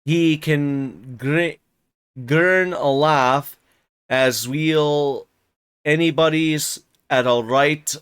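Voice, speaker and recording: A man putting on a slow old grumbling servant. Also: fairly high pitch, a bit bright, smooth, no room sound. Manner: slow, halting reading of thick dialect. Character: grumbling old male servant, rough rural dialect. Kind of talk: reading a novel aloud on a live stream.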